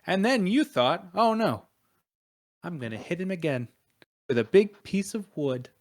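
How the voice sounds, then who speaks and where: A man's voice: sits high, sing-song, measured pace, a little mellow, pitched above the performer's own voice, exaggerated voice. A man playing an aggrieved male brute who bullies another character for a magic item, in a mock-friendly, emphatic manner. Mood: loud demanding. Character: aggrieved, vengeful male brute demanding loot.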